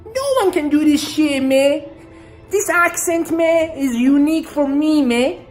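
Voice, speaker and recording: A woman's voice: high-pitched, a little slow, soft background music, pitched above the performer's own voice. A woman putting on a boastful gangster persona, swaggering and ending every phrase with "man". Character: boastful big-talking gangster persona, adult.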